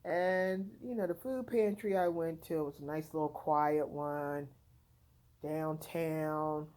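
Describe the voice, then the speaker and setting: A tired woman from the United States tells her own story to the camera from home. Her voice sits low and sounds warm and mellow. She rambles frankly, in a loose, conversational way. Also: fairly even intonation, slow, low-quality recording. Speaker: content creator. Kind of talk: casual vlog storytelling.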